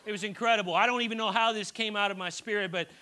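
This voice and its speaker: A man's voice: sits high, steady tone, racing, pushed and bright. A middle-aged man preaching a sermon in a church, telling personal stories in a chatty way with frequent restarts and stammers. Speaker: pastor.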